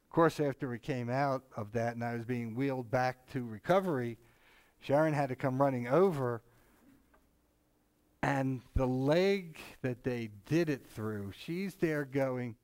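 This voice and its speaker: A man's voice: medium pitch, unhurried, a little mellow, no room sound. A man co-hosting a casual Bible discussion, talking in a rambling, conversational way with many asides and frequent chuckles. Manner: chuckles often, mimics others animatedly. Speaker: Bible study co-host.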